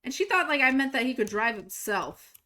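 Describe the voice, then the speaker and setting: A young woman streaming a game, telling a personal story in a casual, animated way and jumping higher to act out quoted lines. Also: a little fast. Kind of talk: casual storytelling while gaming.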